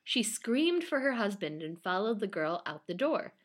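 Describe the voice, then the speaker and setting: A woman's voice: medium pitch, big pitch swings, normal speed. A woman telling a spooky folk tale to a co-host in casual chat, laughing often as she reads. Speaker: podcast co-host telling a story.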